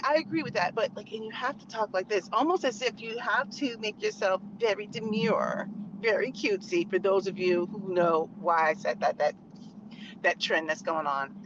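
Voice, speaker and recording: A married woman hosting her own channel, giving outspoken, emphatic commentary in a conversational way while driving. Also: on the high side. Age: adult, married. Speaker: channel host. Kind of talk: opinionated commentary vlog. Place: in a car on a back road. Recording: muffled car recording with road noise.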